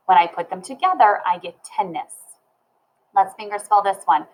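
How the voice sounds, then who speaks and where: A woman teaching a phonics lesson to young children, sounding out word parts slowly and clearly. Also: medium pitch, expressive, rough recording.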